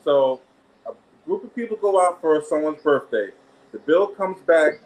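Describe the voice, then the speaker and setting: Male co-host, slightly high voice, relaxed casual chat. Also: normal speed, rough recording. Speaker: podcast co-host.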